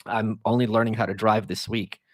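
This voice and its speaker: A man in casual podcast chat, making wry, measured arguments. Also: fairly low pitch, flat delivery, dry recording. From New York. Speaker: guest.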